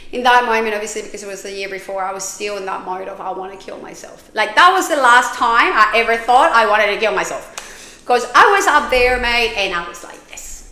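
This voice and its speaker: Woman, podcast host, candid storytelling, swears a lot, restarts sentences, bright voice, roomy echo. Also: on the high side, animated, a little fast.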